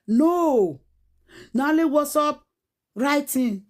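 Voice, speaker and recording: Nigerian woman, 40s, warm low-bright tone, preachy pidgin rant. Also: moderate pace. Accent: Nigerian Pidgin English. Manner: preachy, scolding, rhetorical questions. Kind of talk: animated casual rant.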